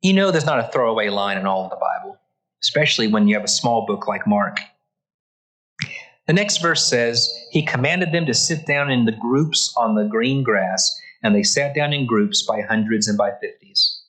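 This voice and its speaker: A man's voice: mid-range voice, a bit bright, rough recording. A man teaching a church Bible class, reading scripture aloud and stopping to explain it with earnest, emphatic repetition. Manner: reads passages then stops to comment.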